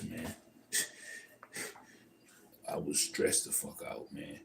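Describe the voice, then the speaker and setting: Profane, gravelly-voiced man ranting on a livestream. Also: slow pace, long pauses, noisy background. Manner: profane, emphatic, rambling storytelling with frequent filler tags; swings between loud outbursts and low mutters. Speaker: livestream host. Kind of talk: casual livestream monologue.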